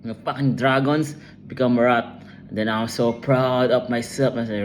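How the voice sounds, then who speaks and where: A man's voice: mid-range voice, steady tone, moderate pace, slight background noise. A man delivering an intense, rambling personal monologue, emotional and full of profanity.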